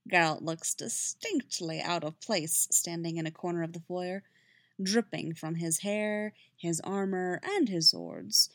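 A woman narrating a fan fiction story with expressive storytelling. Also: on the low side, unhurried, gravelly, no echo, clean studio sound.

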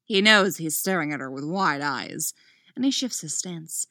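Woman, story reading, expressive, lively pitch, soft dips on narration, dry close sound. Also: unhurried, no echo. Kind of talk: reading fiction aloud.

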